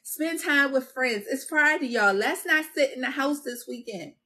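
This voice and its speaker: A woman's voice: high-pitched, expressive, normal speed, sharp tone. A woman hosting a self-care video, giving an encouraging talk with a repetitive, preacher-like cadence and addressing her viewers as y'all. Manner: casual and conversational with confessional asides. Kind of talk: motivational self-help talk.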